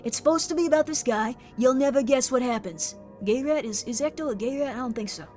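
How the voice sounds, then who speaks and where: An excitable woman streamer chatting with her audience, her voice sitting fairly high. She rattles on eagerly, reading out viewer messages, with faint music playing beneath her. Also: fast. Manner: chatty, excitable, reads chat aloud. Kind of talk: live stream chat.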